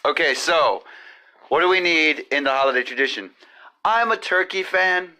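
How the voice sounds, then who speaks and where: A man's voice: on the high side, expressive, normal speed, pushed and bright. A man hosting a comedy podcast from his home kitchen, rambling through profane jokes. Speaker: podcast host. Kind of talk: crude comedic monologue. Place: home kitchen with cooking going on.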